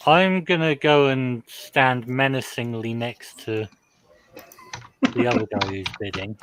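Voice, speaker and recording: Calm male player at a tabletop game. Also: medium pitch, unhurried, very noisy. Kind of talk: casual play chat.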